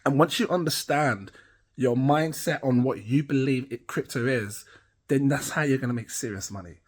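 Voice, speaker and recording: A man's voice: mid-range voice, normal speed, husky. A middle-aged British man rambling casually to camera as a crypto channel host, chatty and self-amused. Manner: rambling, chatty, laughs at himself.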